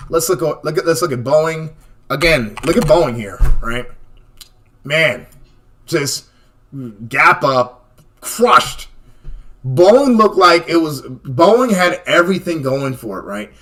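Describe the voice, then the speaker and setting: A man hosting a live trading stream, talking through stock charts in a casual, animated way and often checking in with "okay?" and "right?". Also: a little high, takes it slowly. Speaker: stock chart analyst host.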